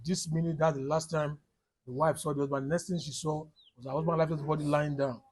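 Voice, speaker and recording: A man's voice: on the high side, little pitch movement, fast talker, a little mellow, husky, rough recording. A man with a Nigerian accent, a human rights activist giving a firm statement in the field.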